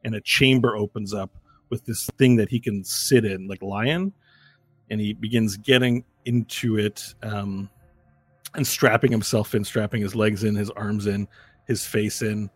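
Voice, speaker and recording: Husky guy game-mastering, rambly vivid scene narration, lots of restarts. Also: on the low side, fairly even intonation, unhurried.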